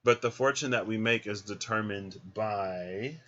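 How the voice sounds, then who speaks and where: A man's voice: on the low side, a little slow, fairly bright tone, a little hiss or hum. A man giving a casual card reading, chatty and thinking aloud as he goes. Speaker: card reader. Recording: dull lo-fi recording.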